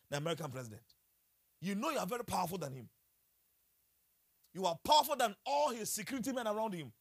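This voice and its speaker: A male preacher with a high, husky voice that swings widely in pitch as he preaches. He talks in an animated way, exclaiming, laughing and throwing questions back at his listeners. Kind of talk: sermon.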